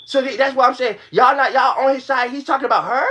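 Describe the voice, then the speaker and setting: A man's voice: very high voice, quick pace, sharp tone. A young man venting to his livestream audience in a heated, profane rush, repeating his points. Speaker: livestream host. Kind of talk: venting to a live stream audience.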